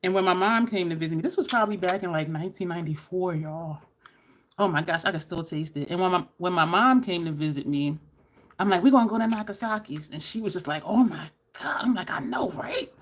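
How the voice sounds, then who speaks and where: A woman's voice: fairly low pitch, quick pace. A middle-aged woman, chatting casually while doing her makeup and telling stories to viewers. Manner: chatty, storytelling, addresses viewers as y'all. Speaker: beauty YouTuber.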